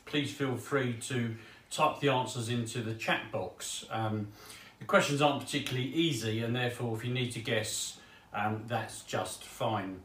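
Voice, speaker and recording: A man's voice: mid-range voice, a bit bright. Man, preacher, sermon, chatty and lightly humorous, distant mic, echoey room. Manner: light, chatty humour with small asides.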